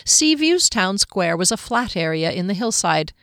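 A woman narrating a fantasy story aloud in a steady, even storytelling manner. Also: mid-range voice, normal speed, no room sound, clean studio sound. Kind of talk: audiobook narration.

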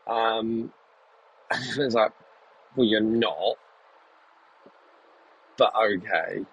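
Husky-voiced man musing aloud. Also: fairly low pitch, drawn-out words, a bit bright, muffled recording. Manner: reflective, many ums and restarts. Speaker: vlogger. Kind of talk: casual talking-to-camera vlog.

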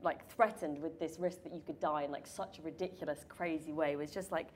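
A woman's voice: sits low, steady tone, a little fast, a little hiss or hum. A young woman asking her sibling questions in a casual chat, talking in a rambling way full of fillers. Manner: chatty, many fillers like "like". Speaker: interviewer, sibling of the guest.

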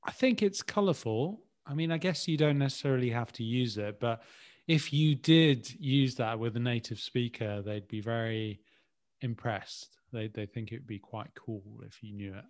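Male guest from Birmingham, mid-pitched, halting but cheerful chat. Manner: hesitant, good-humoured guessing. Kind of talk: casual chat.

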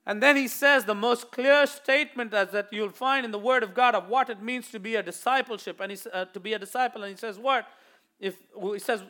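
A male pastor delivers an animated sermon to his congregation in a high voice. His tone is bright and forceful. He swings between loud declarations and hushed asides, acting out the voices he quotes. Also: a little fast.

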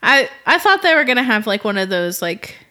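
A woman's voice: fairly high pitch, very animated, brisk, pushed and bright. A woman in casual podcast chat, talking about a film in a playful way and quoting its scenes. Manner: playful, laughs often, quotes scenes. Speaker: podcast co-host.

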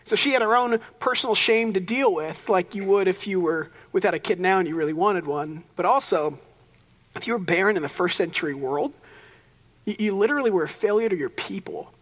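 A man's voice: sits high, fairly quick, fairly bright tone. Conversational young male pastor in reverb. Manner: conversational, joking asides. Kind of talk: sermon.

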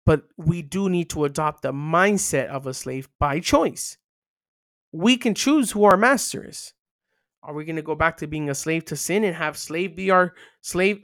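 A podcast host giving informal devotional teaching, reading scripture aloud and riffing on it with slang and bursts of excitement. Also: medium pitch, dry recording, clean studio sound. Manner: animated, slangy, reads Bible passages aloud then riffs on them.

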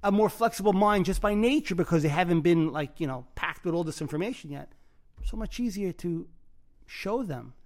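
A man's voice: high-pitched, expressive, normal speed. A man hosting a podcast and talking about his own book in casual chat, earnest and reflective, often restarting his phrases. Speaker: podcast host and author.

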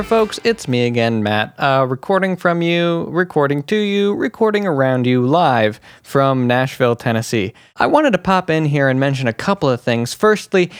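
A man's voice: medium pitch, no echo, studio quality. A man hosting a podcast, giving a casual, rambling intro full of jokes and wordplay. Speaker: podcast host.

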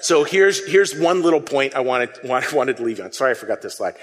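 An animated male pastor preaching with a fairly high voice. He talks to the congregation in a conversational way and gets them to call phrases back. His voice rings with the long reverb of a church hall. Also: fairly quick, few pauses. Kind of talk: sermon.

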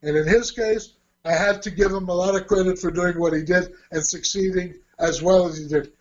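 A man with a high voice telling a personal story casually, slipping into quoted dialogue with real animation. The recording sounds dull and lo-fi. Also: fairly even intonation, normal speed. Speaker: guest telling a life story. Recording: dull lo-fi audio.

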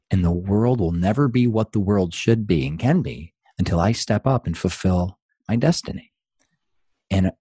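A middle-aged man talks as an interview guest, earnest and motivational, leaning on rhetorical questions. His voice sits low and a little husky, and his pitch swings widely as he talks. The sound is dry and close. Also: mellow, dry recording. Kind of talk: conversational interview.

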